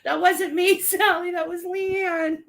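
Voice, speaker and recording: A woman co-hosting a casual live-stream chat, animated and teasing, laughing often. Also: very high voice, creaky, poor audio.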